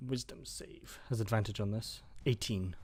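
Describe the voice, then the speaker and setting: A man narrating as game master of a tabletop game, describing the action in a calm, descriptive way. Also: on the low side, normal speed, husky.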